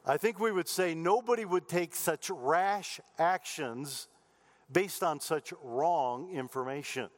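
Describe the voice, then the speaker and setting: A man preaching a sermon as pastor, folksy and chatty, mixing jokes and asides into Bible teaching. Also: fairly high pitch. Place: church sanctuary. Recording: long reverb of a church hall.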